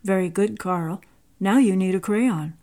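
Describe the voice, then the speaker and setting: A calm, patient voice of God, spoken by a woman storyteller, fatherly and quietly firm. The tone is mellow and soft, never raised. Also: mid-range voice, a little slow, natural voice. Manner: calm, even, gently firm.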